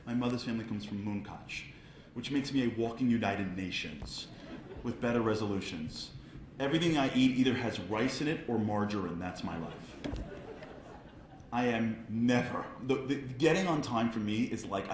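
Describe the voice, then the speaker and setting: A man gives a comic storytelling speech at a charity event. He acts out voices and builds to loud peaks. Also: lowish voice, lively intonation, normal speed, roomy sound, slight background noise. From Brooklyn, New York.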